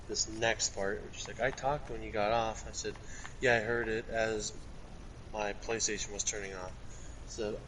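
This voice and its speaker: A man's voice: mid-range voice, a bit bright, a little hiss or hum, low-quality recording. A young man in casual chat, recounting and reading aloud a string of text messages. He rambles and swears casually. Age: young adult.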